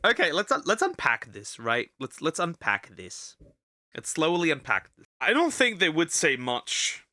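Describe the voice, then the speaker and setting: Bright, lively young man riffing sarcastically. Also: a little high, unhurried, dry recording, studio quality. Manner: lively, sarcastic, stumbles and repeats himself. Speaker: VTuber host reacting to a video. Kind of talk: casual reaction commentary.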